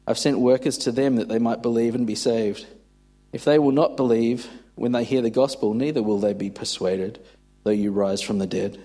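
A man's voice: medium pitch, warm tone, lightly acted. A man reading a solemn, stern Jesus. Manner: solemn, firm, measured.

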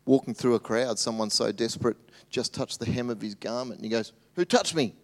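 A man preaching a sermon as pastor, swinging between loud animated bursts and hushed, tender asides. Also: medium pitch, brisk.

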